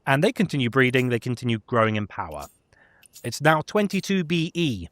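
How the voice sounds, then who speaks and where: A man's voice: medium pitch, big pitch swings, brisk, a bit bright, no room sound. A man casually recapping a video game's story in a chatty way, with many fillers. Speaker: gaming lore presenter. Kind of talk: casual lore recap chat.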